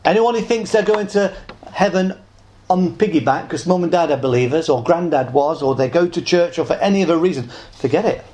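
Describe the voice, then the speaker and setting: A man preaches an evangelistic sermon in an earnest, pleading way. His voice sits a little high and climbs on the words he stresses, then sinks soft at the ends of phrases. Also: lively intonation, a little fast. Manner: earnest, pleading, rising on emphasis and dropping soft.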